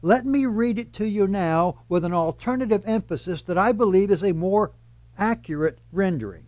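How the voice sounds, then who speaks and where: A man with a high, light voice preaches a verse-by-verse sermon. He builds his points steadily and leans hard on key words. The sound is dry and close, with no room around it. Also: expressive, darkish tone, dry recording. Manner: measured, emphatic teaching delivery. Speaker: pastor.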